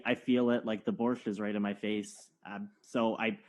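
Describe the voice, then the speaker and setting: A man's voice: on the low side, flat delivery, moderate pace, darkish tone. A man in his twenties, co-hosting a casual sports podcast, telling jokey stories with lots of filler words. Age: 20s. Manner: joking storyteller, rambling with many fillers. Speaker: podcast co-host. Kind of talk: casual chat.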